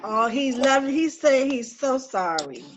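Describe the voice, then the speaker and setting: Woman medium for a reading; bright, lively delivery, dull lo-fi recording. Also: high-pitched, unhurried. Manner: animated, exclamatory, laughs often, relays messages. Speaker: spiritual medium and coach. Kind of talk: live spiritual reading session. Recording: dull lo-fi sound with faint noise.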